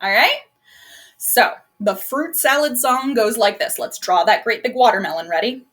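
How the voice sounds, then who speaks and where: A woman's voice: on the high side, lively intonation, normal speed. Cheerful children's librarian woman. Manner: gentle, encouraging, explains things simply to children. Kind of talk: live online storytime for kids. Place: at home, laptop propped on a box. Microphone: laptop microphone.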